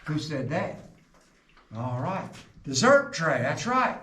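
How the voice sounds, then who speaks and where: A middle-aged man guides a group through an underground coal mine. He tells folksy stories and jokes, and his fairly high voice echoes off the tunnel walls. He is recorded from a distance, with some faint noise behind him. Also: sing-song, takes it slowly, sharp tone. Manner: folksy joking storyteller, quizzes the group. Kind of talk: guided tour talk to a group.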